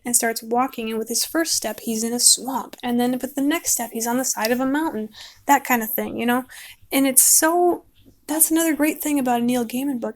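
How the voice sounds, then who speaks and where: A woman casually rambling about a book she likes while she paints, chatty and quick to laugh. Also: high-pitched. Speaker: book vlogger.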